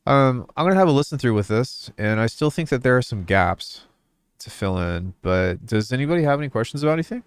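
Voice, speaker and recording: A man's voice: mid-range voice, expressive, brisk, clear, resonant tone. A young man from New Jersey chatting casually on a music production livestream, rambling and swearing offhandedly.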